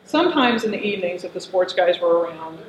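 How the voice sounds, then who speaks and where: A man's voice: high voice, sing-song, fast, a little hiss or hum. A middle-aged man performing an autobiographical monologue in a wistful, reflective storytelling manner. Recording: echoey, slightly dull room recording.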